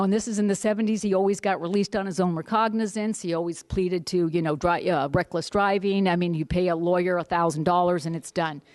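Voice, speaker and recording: An older woman from the United States giving a blunt, animated personal testimony to a group. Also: lowish voice, no echo. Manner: blunt, salty, animated storytelling. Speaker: speaker sharing her story.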